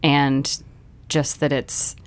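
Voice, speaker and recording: A woman in casual conversation, telling a story about her child with lively, self-critical storytelling. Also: a bass voice, drawn-out words. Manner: animated storytelling, acts out voices. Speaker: parent sharing a story. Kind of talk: casual chat.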